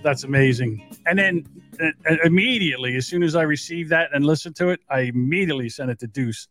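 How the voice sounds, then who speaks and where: A man's voice: a little high, fast, a bit bright, faint music behind. A man co-hosting a casual podcast who rambles and banters with many fillers. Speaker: podcast co-host.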